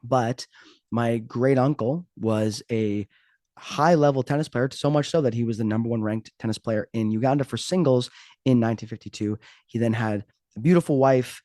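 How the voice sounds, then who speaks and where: A man hosts his podcast in a loose, unscripted monologue, joking at his own expense and rambling from one thought to the next. His voice sits at an ordinary middle pitch, and the sound is dry with no room echo. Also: normal speed, warm tone. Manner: joking, rambling, self-mocking. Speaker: podcast host. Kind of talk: casual podcast intro monologue.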